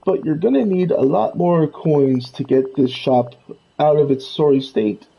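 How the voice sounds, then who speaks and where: A man's voice: fairly high pitch, a little slow, vocal fry, dark tone, voice pushed up, rough recording. A man voicing a grumpy, miserly old male duck tycoon while reading game dialogue, in a blustery old-man voice with a half-tried Scottish lilt. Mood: gruff.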